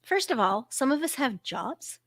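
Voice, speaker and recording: A middle-aged woman hosting a podcast in casual chat, swearing freely and telling deadpan jokes about her kids. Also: high voice, a little slow, no echo, clean studio sound. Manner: profane, joking, deadpan bits. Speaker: podcast host.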